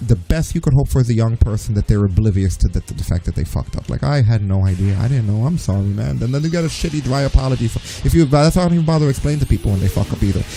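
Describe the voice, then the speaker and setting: A man's voice: medium pitch, expressive, racing, few pauses, warm tone, a little hiss or hum, rough recording. A man with a New York accent, a streamer talking bluntly and profanely in a casual gaming chat, often mocking people in put-on voices. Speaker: streamer and co-host.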